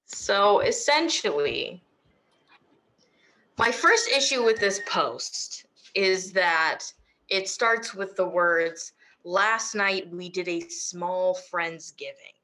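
A young woman co-hosting a podcast chats casually in a lowish, bright voice with lively intonation and a forceful tone, speaking slowly. She giggles often and makes self-deprecating jokes.

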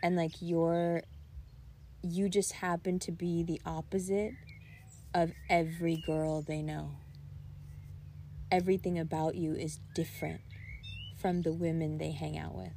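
A young woman in casual conversation, her voice sitting a little low for a woman. She tells stories in a loose, rambling way, with "like" scattered through her talk. She often breaks into laughter as she goes. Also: unhurried, gravelly, long pauses, a little hiss or hum. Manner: rambling, animated storytelling with frequent "like" and bursts of laughter. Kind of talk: casual chat.

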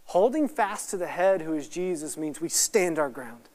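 A man teaching at a Bible study, swinging from hushed, earnest lines to loud, rapid, excited asides. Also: on the high side, big-room sound. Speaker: guest speaker at a Bible study. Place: church hall or meeting room.

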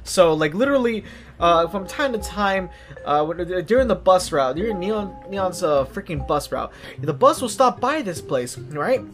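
A man's voice: high voice, lively intonation, normal speed, a bit bright. A young man hosting a comedy podcast, talking casually in slang and rambling with lots of fillers. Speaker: podcast host. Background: background music.

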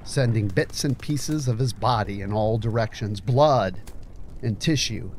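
A man narrating a story in a measured, grave audiobook reading. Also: fairly low pitch, a little mellow, a little hiss or hum. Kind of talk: scripted narration.

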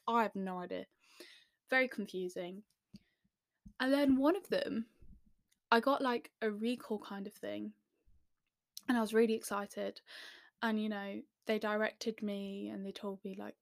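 A young woman from the English Midlands telling a story to camera in a chatty, self-deprecating way, with quick asides. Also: mid-range voice, steady tone, creaky, no echo, clean studio sound. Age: young adult.

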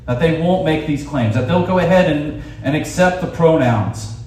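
Man preaching in an echoey hall. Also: fairly high pitch. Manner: animated preaching with quick asides and restarts. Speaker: camp speaker. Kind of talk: sermon. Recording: echoey hall, distant mic.

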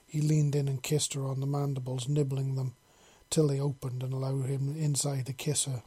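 A man narrating a story in a steady, unhurried reading. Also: medium pitch, slightly rough.

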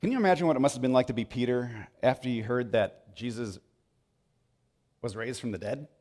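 A man preaching a sermon, telling the story with animated swings between loud bursts and hushed moments. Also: medium pitch, brisk. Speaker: pastor.

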